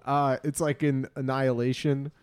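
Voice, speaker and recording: A man's voice: mid-range voice, little pitch movement, moderate pace, smooth, no echo, studio quality. A man co-hosting a podcast, chatting casually, joking and laughing often. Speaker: podcast co-host.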